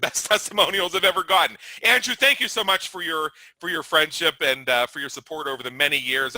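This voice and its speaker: A man's voice: fairly high pitch, sharp tone, dry recording, low-quality recording. A man hosting a webinar presentation, talking through his scheduling page and answering questions in an upbeat, salesy manner. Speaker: webinar host.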